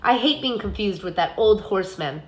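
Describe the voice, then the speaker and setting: A woman voicing a smooth, greedy male gatekeeper of the dead with a silky, mocking manner. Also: mid-range voice, expressive, normal speed, close to an everyday voice. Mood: sly, silky.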